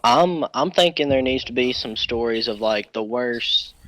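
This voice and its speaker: A young man hosting a podcast, telling a prank story quickly and excitably, with a lot of swearing. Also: mid-range voice, poor audio. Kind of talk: casual storytelling.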